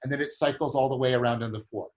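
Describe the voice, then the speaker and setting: A man's voice: medium pitch, fairly even intonation, rapid-fire, dull audio. A man hosting a conversation, explaining a group process at length with many restarts and frequent tag questions. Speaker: host.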